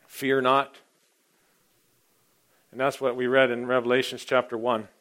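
Man, preacher, rambling sermon, mid-pitched voice, loud then hushed, clears his throat. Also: flat delivery, measured pace. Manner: rambling, informal, often clears throat, swings between loud and quiet.

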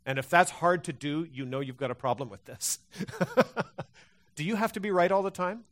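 A man preaching a sermon to his congregation. His voice sits a little high, and he talks in a lively, conversational way. He often repeats a word as he restarts a thought. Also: moderate pace. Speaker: pastor.

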